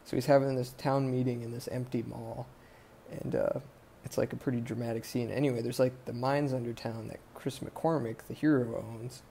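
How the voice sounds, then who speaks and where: A man's voice: medium pitch, little pitch movement, moderate pace, creaky, warm tone, slight background noise. A man hosting a podcast who recaps a movie in a casual, rambling way, swearing freely and wandering off track. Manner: rambling, profane, sidetracked. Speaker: podcast host.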